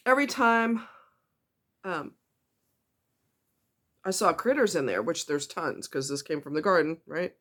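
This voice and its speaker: In this confessional vlog, a woman talks with a low-pitched, animated, fairly bright voice, though her throat is tight with emotion. Her speech stumbles through many ums and restarts, with blunt swearing mixed in.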